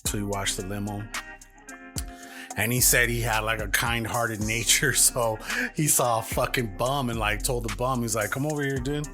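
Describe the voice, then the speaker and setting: A man's voice: medium pitch, fairly even intonation, moderate pace. A man co-hosting a podcast, casually retelling a long story with lots of swearing and fillers. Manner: profane, rambling retelling with many fillers. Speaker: podcast co-host. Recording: music playing behind.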